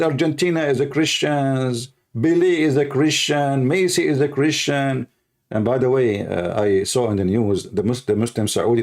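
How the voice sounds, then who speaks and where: A man ranting through an online commentary in a blunt, mocking way. He repeats his points, slips in insults and drops his voice low for asides. His pitch sits at an ordinary middle level. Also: a little mellow.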